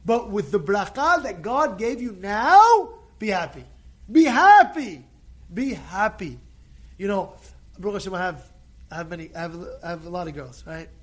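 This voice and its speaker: A man with a notably high voice leads a casual Torah class, pressing his point over and over. He drops to near-mutters, then rises to forceful, shouted exhortations, sprinkling in Hebrew blessings as he goes. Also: normal speed. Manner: animated, swings from quiet asides to shouted exhortations, repeats phrases; peppers speech with Hebrew blessings. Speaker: rabbi giving a Torah class. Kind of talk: informal Torah talk to a live group.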